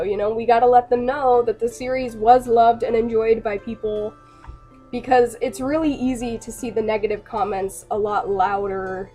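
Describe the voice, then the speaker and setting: An excitable young woman talks to her viewers in a loose, rambling rant, often breaking into laughter. Her voice sits a little high for a woman. Faint music plays behind her. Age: young adult. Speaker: animator and vlogger. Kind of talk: casual rant to camera.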